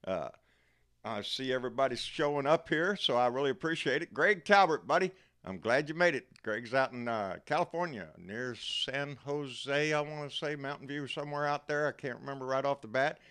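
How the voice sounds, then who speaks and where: A man's voice: medium pitch, normal speed, a bit bright. A man with a Texan accent hosting a live stream, chatting in a folksy way and greeting viewers as buddy. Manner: folksy and chatty, calls people buddy and baby. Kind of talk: casual chat.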